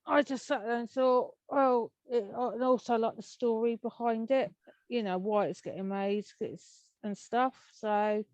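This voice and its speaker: A woman's voice: fairly high pitch, steady tone, measured pace, a little mellow, dry recording, muffled recording. A woman with an English accent, chatting as an interview guest in a rambling, cheerful way and laughing often. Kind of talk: casual interview chat.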